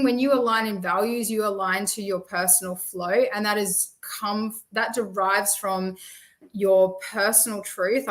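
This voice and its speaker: A woman's voice: medium pitch, fairly bright tone, rough recording. Rambling woman podcast guest. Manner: rambling, frequent fillers, self-interrupting. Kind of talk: casual conversational interview.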